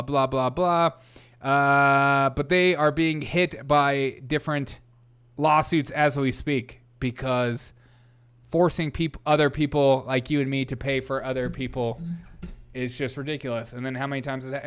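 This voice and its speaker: A man's voice: mid-range voice, fairly even intonation, normal speed, a bit bright, clear, resonant tone. A young man hosting a casual political livestream, reading headlines aloud, greeting chat viewers and often laughing.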